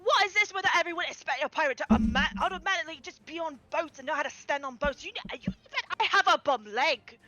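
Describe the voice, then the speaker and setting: A woman playing a swaggering male pirate with a bad leg, talking with cocky, deadpan bluster. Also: high-pitched, quick pace, hardly any pauses. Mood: indignant.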